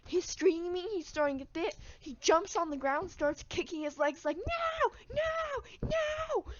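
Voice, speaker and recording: A woman's voice: high-pitched, fairly even intonation, normal speed, muffled recording. A woman telling a story in a rambling, casual way, with crude jokes. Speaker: vlogger. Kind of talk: storytime vlog.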